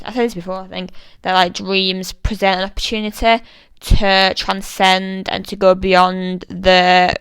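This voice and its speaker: A woman's voice: medium pitch, a bit bright, smooth, no room sound, rough recording. A British woman giving a casual, thoughtful analysis of a poem, chatty and full of fillers. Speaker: literature explainer.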